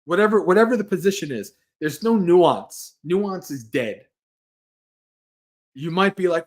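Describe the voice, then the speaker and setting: A man's voice: high-pitched, animated, a little slow, long pauses. A man who is a Buddhist monk, hosting a livestream and giving a casual Dharma talk, earnest and rambling, restarting his sentences and laughing lightly.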